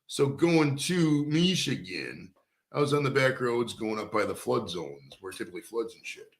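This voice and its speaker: A man talking loose and rambling, full of swearing and calling everyone dude. His voice sits at an ordinary pitch. It rings in an echoey studio room. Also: lively intonation, normal speed. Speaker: host. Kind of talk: casual stoned chat.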